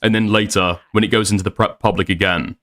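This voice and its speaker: A man's voice: fairly low pitch, steady tone, fast, a bit bright. A man, rambling and swearing as he recaps an online argument in a casual voice chat. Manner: rambling, frequent restarts and swearing. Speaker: streamer recapping a debate.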